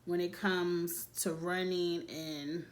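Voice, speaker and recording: Woman, casual reality TV recap, animated, laughs often. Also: lowish voice, slow pace. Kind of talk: casual episode review.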